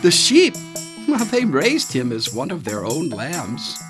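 A storyteller reading a children's animal fable in an animated, expressive way, with dramatic pauses. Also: medium pitch, over music.

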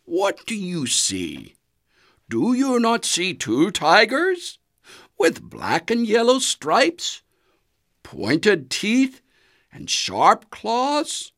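A storyteller voicing a big, strong father tiger who talks in a booming, insistent, drawn-out way. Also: wildly swooping pitch, fairly bright tone, heavily acted. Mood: coaxing.

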